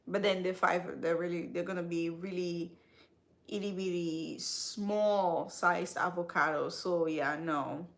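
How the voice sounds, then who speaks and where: Slow, chatty woman live-streaming. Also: on the low side, steady tone, vocal fry. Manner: chatty, talks straight to viewers with slangy asides. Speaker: skincare channel host. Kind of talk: casual live-stream chat.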